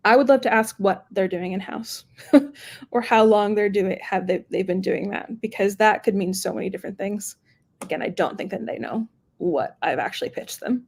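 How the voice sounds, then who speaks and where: A woman sales executive in casual interview chat, animated, laughing often and acting out quoted phone calls. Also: mid-range voice, normal speed, breathy edge.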